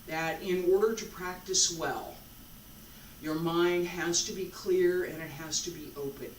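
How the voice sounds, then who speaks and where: A qigong instructor guides a breathing session at a very slow, even pace, letting long pauses fall between a repeated calm phrase. The voice sits at a middle pitch and sounds distant from the mic. The room gives it a roomy echo over faint background ambience. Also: a little hiss or hum.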